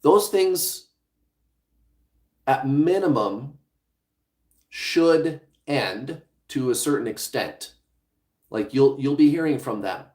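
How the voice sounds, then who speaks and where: A man's voice: medium pitch, animated, slow, long pauses, a little mellow, roomy sound. A man hosting a livestream as a relationship coach, speaking bluntly and casually, with some swearing, straight to his viewers.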